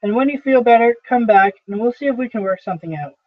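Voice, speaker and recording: A man's voice: very high-pitched, lively intonation, quick pace. A man reading as a curt, impatient young boss. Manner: curt, dismissive. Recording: dry, tinny phone-like sound.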